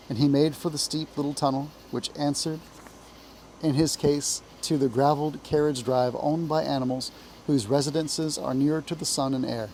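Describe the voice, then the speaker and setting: A man from Appalachia with an Appalachian accent, reading a classic children's book aloud in a measured, expressive way. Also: mid-range voice, slight background noise, low-quality recording. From Appalachia, US South. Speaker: reader, teacher.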